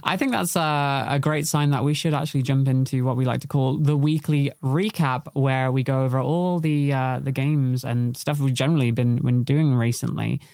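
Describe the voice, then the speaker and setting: A man's voice: medium pitch, steady tone, normal speed, gravelly, few pauses, darkish tone, no echo, studio quality. A man hosting a live-streamed podcast, rambling and giggly, often laughing at himself. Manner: giggly, self-deprecating, rambling. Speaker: podcast host.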